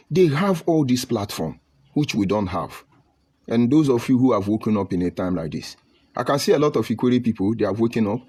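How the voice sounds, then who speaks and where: A man's voice: mid-range voice, animated, fairly quick, darkish tone, slightly rough. A man giving an impassioned political speech with a preaching, rhetorical delivery and emphatic lists. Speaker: political speaker.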